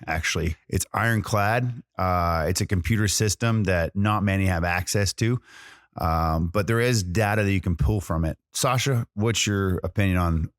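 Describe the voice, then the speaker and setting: A man's voice: sits low, dry recording, clean studio sound. A man hosting a podcast in a casual, chatty way, full of fillers and restarts. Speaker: podcast host.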